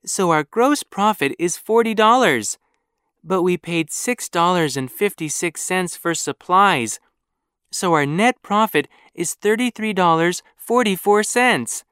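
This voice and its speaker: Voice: mid-range voice, animated, a little slow, fairly bright tone, smooth, no room sound. A storybook reader voicing Katie, a cheerful, eager young girl who talks in an upbeat, encouraging way. It is recorded close and dry.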